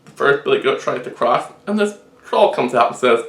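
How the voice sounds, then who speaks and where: A man tells a long shaggy-dog joke in a deadpan storytelling manner. His voice sits at a middle pitch. The room adds a roomy echo. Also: moderate pace. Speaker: joke teller.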